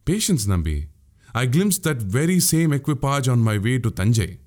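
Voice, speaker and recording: A man's voice: medium pitch, sing-song, normal speed, darkish tone, close to an everyday voice. A man voicing a witty, boastful young male warrior in an audiobook, speaking grandly. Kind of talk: audiobook character voice.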